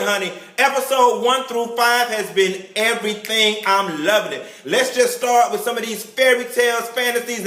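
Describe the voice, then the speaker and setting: Sassy male vlogger with a high, bright voice and camp, catty delivery, recorded in an echoey room. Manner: campy, catty, full of slang and drawn-out exclamations. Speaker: celebrity gossip vlogger. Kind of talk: sassy reality-show review.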